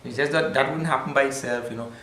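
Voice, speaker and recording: A man's voice: mid-range voice, fast talker, a little hiss or hum. Man teaching in an echoey hall. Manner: conversational, with Sanskrit terms and gentle humor. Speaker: spiritual teacher. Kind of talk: spiritual discourse.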